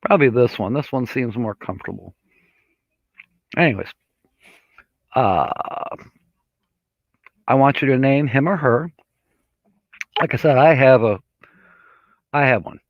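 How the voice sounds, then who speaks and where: On a relaxed live stream, a mid-range-voiced man rambles easily and reads viewer comments aloud. He speaks slowly, with lots of fillers, and the sound is dry, dull and lo-fi.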